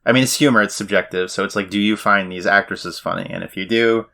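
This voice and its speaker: A man with a lowish voice chats on a podcast in a relaxed, thoughtful way. He wanders through his points with fillers and trails off softly now and then. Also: fast talker, creaky. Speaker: podcast co-host. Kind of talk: casual chat.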